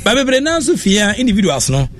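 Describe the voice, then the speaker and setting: A man's voice: sits high, big pitch swings. A Ghanaian man presenting on radio, chatting casually and laughing often as he talks. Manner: fast, chatty, laughs often, code-switching.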